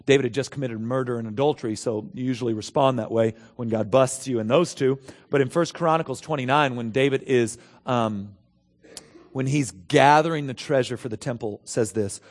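Gravelly pastor preaching in a hall. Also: male voice, mid-range voice, moderate pace. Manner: emphatic, rhetorical questions, reads scripture aloud. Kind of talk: sermon. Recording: long hall reverb.

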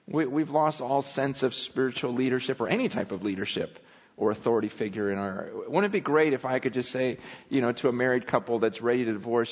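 A man with a high voice preaches to his congregation in a relaxed, conversational way, breaking into little acted-out voices as he speaks. The sound is a bit dull and muffled, with a long reverb trailing off the room. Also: brisk. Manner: conversational, animated, acts out quoted voices. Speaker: pastor. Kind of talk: sermon. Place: church sanctuary.

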